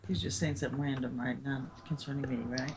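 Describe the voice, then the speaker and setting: A woman's voice: extremely low pitch, steady tone, fast talker, very noisy. A woman walking in on a recorded card game, asking curious questions and teasing from across the room. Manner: curious, talking softly, teasing. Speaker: family member walking in.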